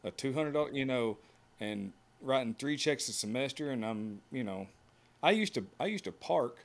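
Guesting on a podcast, a U.S. horseshoer tells folksy, casual tales, acting out other people's quotes. He speaks at a moderate pace in a medium-pitched voice with lively intonation.

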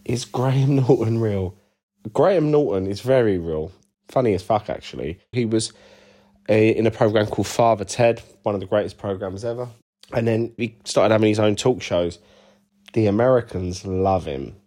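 A man with a low, mellow voice chats loosely through interview answers. He rambles, swears freely and pokes fun at himself, full of casual asides. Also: normal speed. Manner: rambling, sweary, self-deprecating banter. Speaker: band bassist and lead vocalist, interview guest.

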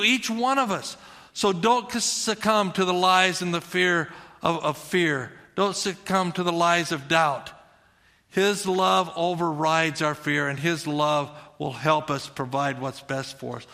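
A man's voice: high-pitched, bright, forceful tone, long reverb tail. A middle-aged male pastor preaching a sermon in an earnest, conversational way, repeating his phrases for emphasis.

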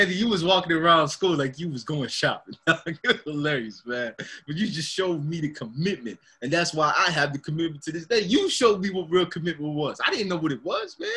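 A man's voice: high-pitched, sharp tone, breathy edge. A young man co-hosting a podcast in casual chat, laid-back, laughing often and calling his friend man and dog. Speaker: podcast co-host.

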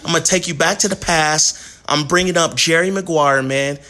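A man's voice: a little high, normal speed, pushed and bright, a little hiss or hum. A man co-hosting a podcast, talking in a laid-back, slangy way and tossing in "man" constantly. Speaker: podcast co-host. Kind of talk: casual podcast chat.

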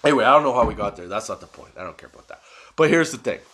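A man hosting his own podcast, rambling in a casual, profane, self-mocking way after staying up all night high. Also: animated, racing, a bit bright. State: sleepless and high. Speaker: podcast host.

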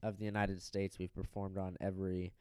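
A young man co-hosting a podcast, telling a crude story in a loose, animated way and acting out the people in it. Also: sits low, a little fast, clean tone, dry recording. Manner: animated, profane, acts out quoted people. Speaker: podcast co-host.

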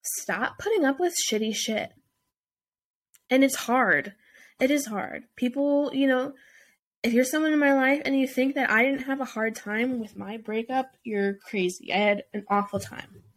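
A woman's voice: high-pitched, measured pace. A young woman hosting a podcast, giving blunt, heated relationship advice with lots of swearing and filler words. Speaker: podcast host.

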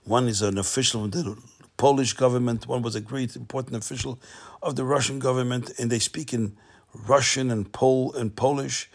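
A man telling a Hasidic tale, animated and repeating phrases for suspense. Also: medium pitch. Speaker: storyteller.

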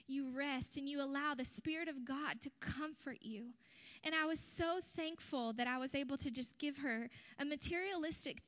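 A young woman with a high voice preaches a sermon in a church. She tells a personal story in an earnest, animated way and drops into soft whispers at times.

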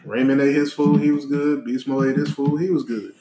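A man's voice: mid-range voice, fairly even intonation, fairly quick, noisy background. A man joining a casual chat, teasing and laughing at a friend. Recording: echoey room, voices around.

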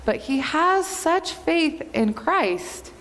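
A woman pastor giving an earnest, measured sermon in a church. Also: high voice, expressive, a bit bright. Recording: long hall reverb.

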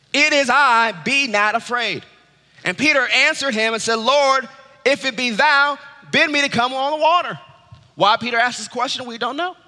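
Male pastor, high and sharp-edged tone, dynamic sermon delivery in a reverberant hall. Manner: preaching with wide swings from loud high urging to low hush.

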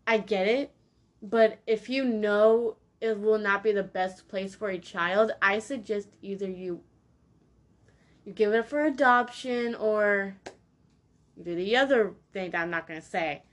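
A woman's voice: mid-range voice, measured pace. A young woman hosting a solo podcast, ranting bluntly and heatedly in a slangy way, repeating her points for emphasis. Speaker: podcast host. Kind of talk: opinionated solo podcast rant.

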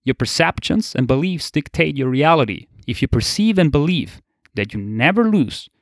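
In studio-quality audio with no echo, a motivational podcaster talks in a relaxed, casual monologue. He's a young man whose voice sits on the high side, animated and at normal speed, and he laughs frequently and swears without a second thought.

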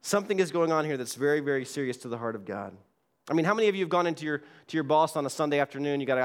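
A man's voice: on the high side, expressive, rapid-fire, clean tone. A man preaches a sermon from the front of a church with a slightly raised voice. His delivery is earnest, and he repeats key words for emphasis as he reads scripture aloud. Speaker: pastor. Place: church sanctuary.

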